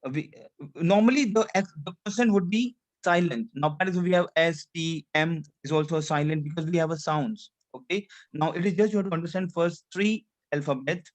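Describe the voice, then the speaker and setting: A man's voice: fairly high pitch, fairly quick. A man teaching French pronunciation in a lesson, repeating points and checking that his student follows. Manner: repetitive, drilling the student, frequent checks for understanding. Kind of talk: classroom lesson.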